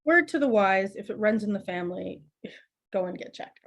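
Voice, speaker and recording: A middle-aged woman, a podcast guest telling family stories in a lively, laughing, conversational way. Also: medium pitch, moderate pace. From Canada. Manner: laughs often, animated anecdotes with acted quotes. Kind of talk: conversational storytelling.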